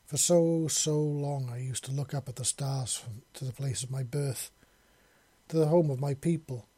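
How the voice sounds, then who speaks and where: A man's voice: mid-range voice, moderate pace, mellow, breathy edge, dry recording, natural voice. A man voicing a lovestruck, devoted and possessive female dragon-woman in an audiobook, making earnest, tender declarations. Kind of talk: audiobook character voice.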